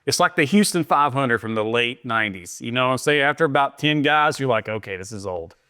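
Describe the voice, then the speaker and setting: A man's voice: mid-range voice, fairly quick, sharp tone, clear, resonant tone. A man co-hosting a casual movie-review podcast, joking around and leaning on "you know what I'm saying.". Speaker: podcast co-host.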